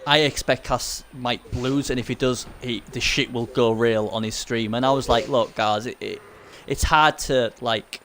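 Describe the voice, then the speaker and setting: A man's voice: mid-range voice, steady tone, moderate pace, hardly any pauses, fairly bright tone, slight background noise. A man hosting casual live commentary of a video game match, chatty and rambling, often restarting his sentences. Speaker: esports commentator and host.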